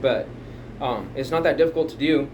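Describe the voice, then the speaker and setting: In his home music room, a drum teacher chattily rambles through a drum pattern, counting beats aloud. His voice is medium-pitched and fairly quick, and the mic catches a loud drum kit from a distance plus background noise.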